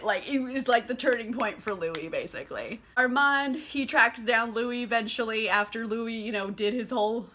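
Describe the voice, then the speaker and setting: A tipsy woman giving a casual book recap, animated, swearing and laughing often. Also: fairly high pitch, normal speed, hardly any pauses. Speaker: book reviewer.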